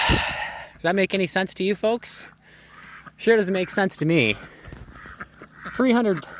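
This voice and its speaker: A man's voice: medium pitch, slight background noise. Breathless, angry man ranting outdoors. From Ontario, Canada. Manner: heated, profane, rhetorical questions. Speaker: small-scale poultry farmer. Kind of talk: angry outdoor vlog rant. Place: outdoors on a farm among birds. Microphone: phone held one-handed. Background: faint farm ambience with ducks and fowl.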